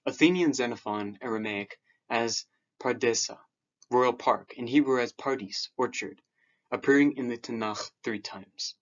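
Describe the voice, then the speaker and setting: Man, mid-pitched, halting self-taught lecturer; slightly muffled lo-fi recording. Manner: hesitant, with fillers and repeated restarts. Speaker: video lecturer. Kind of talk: explanatory lecture on scripture.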